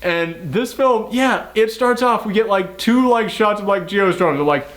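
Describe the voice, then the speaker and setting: A man's voice: high-pitched, normal speed, fairly bright tone. A man co-hosting a movie review podcast in casual, joking chat, swearing freely.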